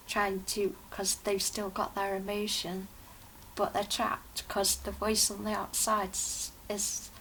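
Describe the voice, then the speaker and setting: Woman fan reviewer, casual and excitable, flat-ish pitch, slight background hiss. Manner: chatty, excited, rambling with restarts. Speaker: TV episode reviewer.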